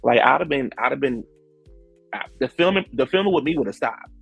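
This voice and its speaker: Gravelly man in a slangy show recap. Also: medium pitch, brisk, no echo, faint music behind. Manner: animated, acts out quotes, slangy. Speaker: reality show recap host. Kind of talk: casual recap commentary.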